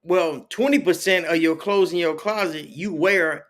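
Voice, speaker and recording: Slangy storytelling man, fairly high voice. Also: unhurried, fairly bright tone. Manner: storytelling, acts out quoted voices, loose slang. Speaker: podcast guest, author. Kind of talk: casual conversation.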